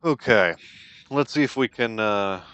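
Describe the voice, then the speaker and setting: A man's voice: fairly low pitch, unhurried, bright, forceful tone, clear, resonant tone, dry recording, soft background music. Dry, wry man narrating a game. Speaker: game commentator. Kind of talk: casual let's-play commentary.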